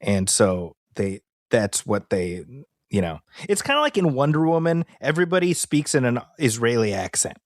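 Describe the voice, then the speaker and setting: A man co-hosting a movie podcast in casual chat, animated and fond of quoting people in put-on voices. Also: medium pitch, moderate pace, dry recording, clean studio sound. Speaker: podcast co-host.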